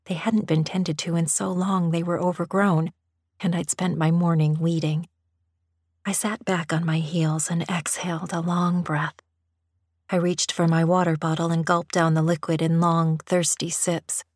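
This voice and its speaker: Breathy whispering woman narrator. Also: fairly low pitch, no echo, clean studio sound. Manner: soft, intimate first-person storytelling. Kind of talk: whispered role-play.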